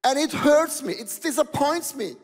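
A male pastor voicing a hurt, indignant man who insists he is not an alcoholic, in a loud, whiny protest. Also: very high voice, animated, normal speed, voice pushed up. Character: indignant man denying he drinks too much. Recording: long hall reverb.

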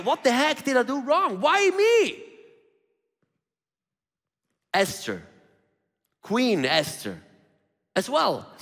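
In a reverberant hall that adds a long echo, a male preacher with a high, very lively voice delivers his sermon casually. He pauses on rhetorical questions and acts out the people he quotes.

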